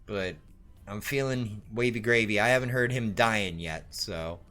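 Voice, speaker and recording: A man's voice: lowish voice, measured pace, fairly bright tone. A man hosting a stream, chatting casually with jokes and swearing as he rambles about music and games. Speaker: streamer and show host.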